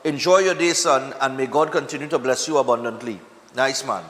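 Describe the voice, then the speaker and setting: A man with a Trinidadian accent hosting a live morning TV show, chatting in a relaxed, easygoing way. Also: medium pitch, fairly quick, big-room sound. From Trinidad and Tobago. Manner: relaxed, chatty, laughing easily. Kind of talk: casual live morning TV chat.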